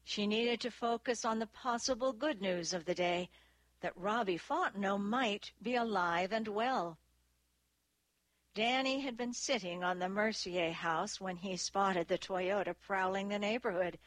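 A woman reading a novel aloud as narrator, in a measured, steady delivery. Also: medium pitch, dry recording. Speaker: audiobook narrator. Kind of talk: scripted narration.

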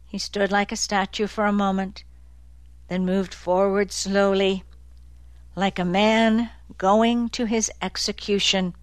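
A woman narrating an audiobook in a measured, deliberate way. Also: mid-range voice, flat delivery, clear, resonant tone, no echo. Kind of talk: scripted narration.

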